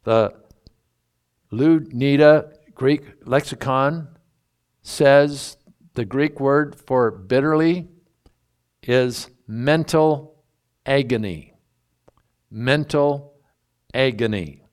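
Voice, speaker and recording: A man's voice: mid-range voice, drawn-out words, pauses often. A man preaching a sermon, teaching through a Bible passage in a folksy, emphatic way and drawing out key words. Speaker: pastor.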